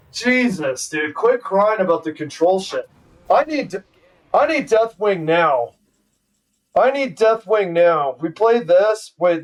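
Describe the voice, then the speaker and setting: A man live streams a card game, ranting and swearing at his opponent in profane trash talk as gameplay commentary. His voice sits high, picked up by a distant mic.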